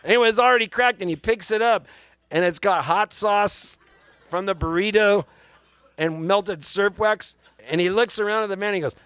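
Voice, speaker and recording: A man, a singer-songwriter, telling an animated story between songs at a live music venue and acting out the people in it. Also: high voice, moderate pace, clean tone, no room sound. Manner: animated, excitable storyteller who acts out the people he quotes.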